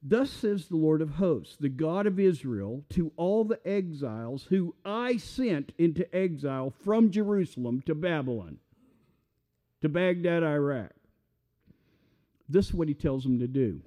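A man's voice: a little high, expressive, a little slow, mellow. A man with a Southern US accent, preaching a sermon in a folksy, conversational way with asides. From Mississippi. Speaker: pastor.

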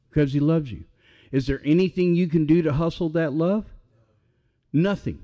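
A man's voice: fairly high pitch, normal speed, dark tone. A man preaching a sermon, emphatic, asking questions and answering them himself.

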